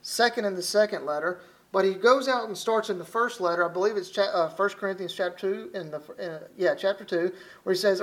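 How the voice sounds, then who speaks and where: High-voiced Southern preacher from Alabama. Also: male voice, fast talker. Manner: folksy, conversational preaching with frequent restarts. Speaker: visiting preacher. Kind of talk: sermon.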